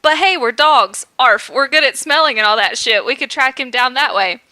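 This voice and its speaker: A woman's voice: sits high, moderate pace, sharp tone, no room sound. A woman voicing an anxious, foul-mouthed male corgi dog who barks mid-sentence in a comic fan story reading. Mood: perky.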